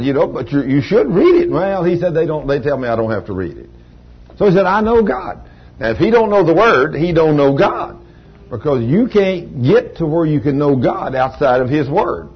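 Older male preacher, husky, folksy testimony style, voices both sides of conversations, muffled lo-fi sound. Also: mid-range voice. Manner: folksy storytelling, acts out dialogue with rising emphasis. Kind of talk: sermon with personal testimony. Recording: dull lo-fi recording.

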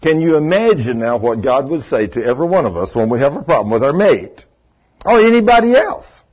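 An older pastor with a drawl tells a folksy story, pitched a little high with a husky edge to the voice. He chuckles between lines and speaks straight to his congregation. The recording sounds dull and muffled. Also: very animated, fairly quick. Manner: folksy, chatty, chuckles often, talks to the congregation. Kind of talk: storytelling sermon.

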